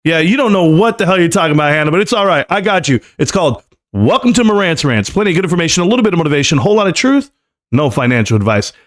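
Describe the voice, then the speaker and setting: A male live stream host with a slightly higher-than-usual voice. He rants at his critics in a combative, sarcastic, mocking tone. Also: sing-song, rapid-fire. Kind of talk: ranting live stream commentary.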